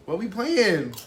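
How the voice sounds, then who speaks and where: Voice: mid-range voice, recorded from a distance. A friend co-hosting a live mukbang, chatting casually and trading playful insults. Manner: playful, trash-talking banter. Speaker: co-host friend. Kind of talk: casual chat. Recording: echoey room with clear background noise.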